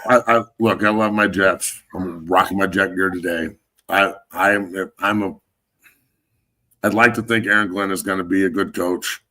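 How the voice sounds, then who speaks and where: A former football player hosts sports talk, rambling bluntly and cursing constantly. His low voice has a sharp tone, fairly even intonation and a moderate pace.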